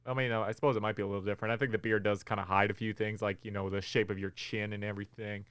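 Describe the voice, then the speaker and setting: A man co-hosting a podcast in casual chat, relaxed and rambling with frequent ums. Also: on the low side, racing, smooth, dry recording. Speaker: podcast co-host.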